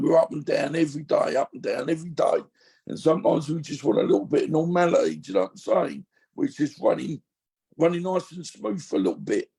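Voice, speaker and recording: A man's voice: on the high side, vocal fry, mellow, husky. A man in his fifties, a podcast guest speaking candidly and emotionally in a rambling, casual way. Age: 50s. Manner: rambling, emotional, full of you-knows.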